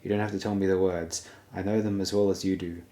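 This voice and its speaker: A defiant young deserter, voiced by a man reading a fantasy audiobook, tense and urgent in a low, deep voice. He speaks his lines in an everyday tone, with no exaggerated acting. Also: level tone, fast, warm tone, natural voice.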